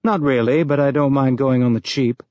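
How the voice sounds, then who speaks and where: A man voicing a weary middle-aged male detective who talks in a dry, understated, deadpan way. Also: medium pitch, normal speed, dry recording, natural voice. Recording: dull lo-fi dry recording.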